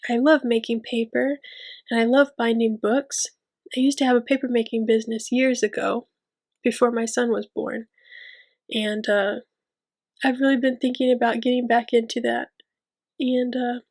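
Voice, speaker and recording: A woman's voice: fairly high pitch, flat delivery, moderate pace. Tearful, earnest woman vlogger. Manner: soft, rambling, earnest and encouraging. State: tearful, weepy. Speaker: channel host reading a book aloud. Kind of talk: casual heartfelt vlog outro.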